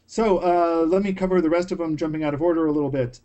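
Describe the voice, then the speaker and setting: High-voiced sarcastic man on a video call. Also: steady tone, quick pace, mellow. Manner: sarcastic, emphatic. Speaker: panelist. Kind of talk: casual panel chat.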